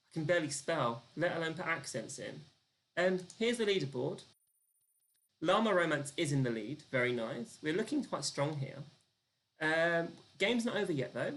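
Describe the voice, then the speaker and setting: The speaker, with a medium-pitched voice, hosts a live-streamed quiz in a chatty, self-deprecating way, ticking down the timer and calling out answers and leaderboard positions.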